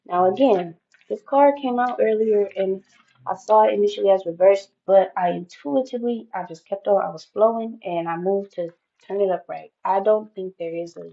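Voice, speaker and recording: A woman's voice: medium pitch, gravelly, warm tone, highs cut off. A woman giving an intuitive tarot reading, talking in an emphatic, spiritual way and often repeating phrases. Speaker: tarot reader.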